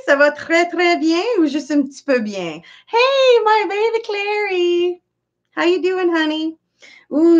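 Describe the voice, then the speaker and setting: Chatty woman with a lively, high voice. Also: muffled recording. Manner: chatty, laughs often, reads out viewer comments. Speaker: livestream host chatting with viewers. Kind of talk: casual live chat.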